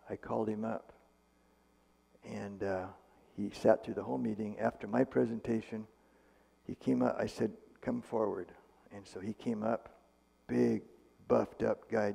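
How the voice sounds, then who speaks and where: A man's voice: lowish voice, flat delivery, a little slow, creaky, mellow, slightly rough. A man, a medical missionary speaker, retelling a testimony in a casual, conversational way with fillers and restarts, in a church hall. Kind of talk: storytelling testimony.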